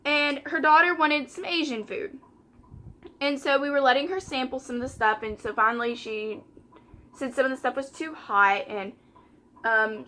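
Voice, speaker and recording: A woman's voice: high-pitched, sharp tone. A young woman, chatting casually while doing her makeup and retelling a story by quoting customers and coworkers. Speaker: vlogger.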